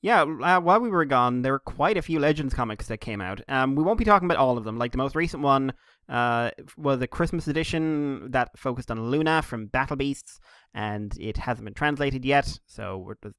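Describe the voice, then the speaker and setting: A man's voice: mid-range voice, expressive, moderate pace, a bit bright, clean tone, no room sound, clean studio sound. A man co-hosting a casual podcast, recapping comics in a rambling, laughing way. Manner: rambling, laughing, with jokey quoted voices. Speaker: podcast co-host.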